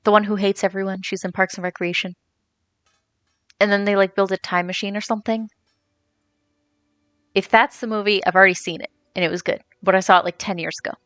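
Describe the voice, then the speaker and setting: A woman's voice: medium pitch, steady tone, brisk, pauses often, fairly bright tone, dry recording. A young woman streamer chatting casually and rambling as she answers viewers while she plays. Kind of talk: casual chat while gaming, reading chat.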